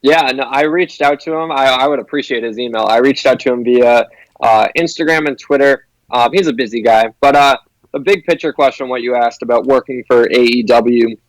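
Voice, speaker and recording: A man's voice: mid-range voice, fairly quick, no room sound, poor audio. A young man, a broadcasting student, talking eagerly as an interview guest, with restarts and "like". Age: young adult. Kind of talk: casual interview chat.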